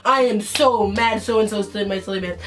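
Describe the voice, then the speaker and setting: A teenage girl telling a story from her school days to the camera, casual and animated. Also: medium pitch, moderate pace, recorded from a distance. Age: teens. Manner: animated, dramatic retelling with acted-out quotes. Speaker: vlogger.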